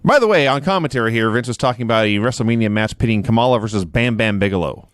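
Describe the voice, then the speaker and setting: A man chats on a podcast in a wry, sarcastic way. His voice is mid-pitched with a lively rise and fall. It is recorded close and dry. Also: fast talker, no echo. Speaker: podcast co-host. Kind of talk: casual chat recapping wrestling.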